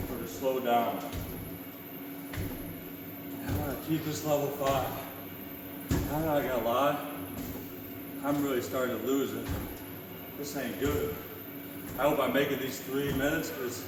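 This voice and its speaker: A man's voice: fairly high pitch, background noise. Out of breath guy on a stairmaster, tired and blunt, far from the mic, big echoey gym. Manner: tired, blunt and self-motivating. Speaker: fitness vlogger. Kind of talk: self-talk while exercising.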